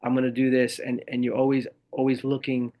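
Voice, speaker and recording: A man's voice: medium pitch, a little fast. A middle-aged man, a guest on a podcast, talking casually about leadership and acting out the people in his stories. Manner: animated storytelling, acts out quoted people. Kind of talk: casual interview talk.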